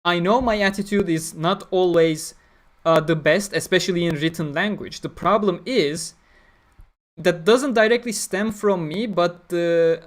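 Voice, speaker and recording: Man, somewhat high voice, blunt casual stream chatter. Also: a little slow. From Turkey. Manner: opinionated, blunt, talks through ideas with fillers. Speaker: streamer answering chat. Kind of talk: casual livestream talk.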